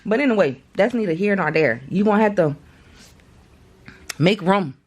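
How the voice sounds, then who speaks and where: A woman's voice: medium pitch, animated, normal speed, darkish tone. A woman in her thirties doing a casual tarot reading to camera, chatty and slangy, swearing freely and talking straight to her viewers. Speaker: tarot reader.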